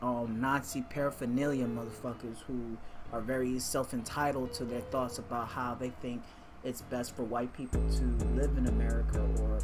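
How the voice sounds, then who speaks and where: A man's voice: medium pitch, flat delivery, moderate pace. A man doing casual reaction commentary, talking bluntly, swearing and rambling as he reacts to an old talk show clip. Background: music.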